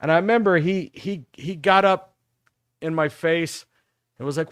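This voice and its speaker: A middle-aged man hosting a talk show, telling rambling, profane stories about his school days in a casual, animated way. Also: a little high, normal speed, no room sound, studio quality. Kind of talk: casual storytelling.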